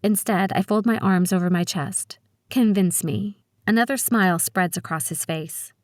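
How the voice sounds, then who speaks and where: Audiobook narrator: woman, first person, lowish voice, steady and measured, dry close read. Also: dry recording.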